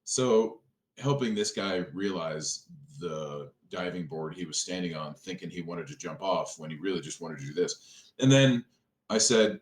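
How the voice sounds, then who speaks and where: A man with a very low voice tells business stories in a relaxed podcast chat. He is animated and acts out the people he quotes. The room around him is echoey. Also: normal speed. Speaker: restaurant owner, podcast guest. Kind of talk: casual storytelling conversation.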